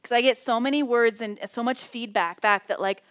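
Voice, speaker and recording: A middle-aged woman teaching a Bible study in a casual, conversational way, telling stories with lively acted-out quotes. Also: a little high, brisk.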